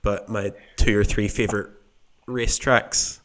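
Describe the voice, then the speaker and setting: A man's voice: lowish voice, fairly even intonation, a little slow, fairly bright tone. A man from the UK co-hosting a podcast, chatting casually and thinking aloud in meandering answers. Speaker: podcast co-host. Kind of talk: casual chat.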